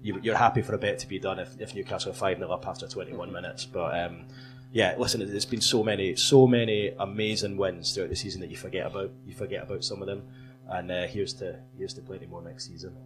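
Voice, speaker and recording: A man on a live podcast panel, telling a fast, animated story to an audience. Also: low-pitched, music in the background. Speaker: football reporter on a podcast panel. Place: comedy club stage before a live audience.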